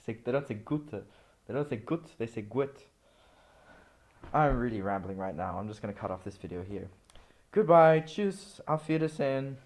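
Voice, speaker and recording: A man's voice: fairly low pitch, steady tone, fast. A man talking casually through a screen-recorded study session, rambling and correcting himself as he goes. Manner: rambling, self-correcting, chatty. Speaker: language learner vlogger.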